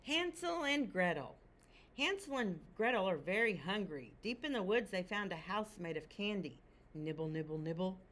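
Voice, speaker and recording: A woman teacher reading a picture book aloud to children, expressive and asking them questions. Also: mid-range voice, normal speed, slight background noise.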